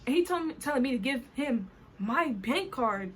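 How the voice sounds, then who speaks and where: A young woman with a Caribbean accent tells a storytime vlog in a high, bright voice. She talks in an animated, indignant way. Faint noise can be heard behind her. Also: moderate pace. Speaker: vlogger. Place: New York.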